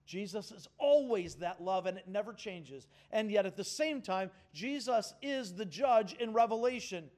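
A man's voice: high voice, expressive, normal speed, hardly any pauses, darkish tone. A man preaching a sermon in an earnest, emphatic way, calling on the congregation to answer back. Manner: earnest, emphatic, with audience call-and-response. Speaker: pastor.

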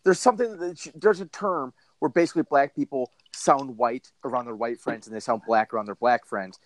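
A man's voice: a little fast, no room sound. A man co-hosting a casual podcast, rambling in crude jokes with lots of fillers and restarts. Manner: rambling, crude joking, many fillers and restarts, jumpy pitch. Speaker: podcast co-host.

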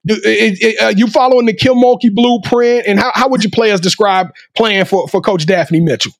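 Hyped guy hosting a sports show, real high voice, dry close sound. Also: normal speed, creaky, dry recording. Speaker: podcast host. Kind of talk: casual interview hosting.

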